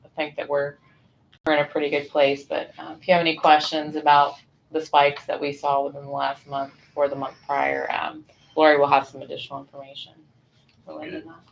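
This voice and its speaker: A woman on city staff gives a measured, matter-of-fact report at a committee meeting. Her voice is very low, flat and gravelly, with a faint hiss in the background. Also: rough recording. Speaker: city public works staff. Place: council meeting room.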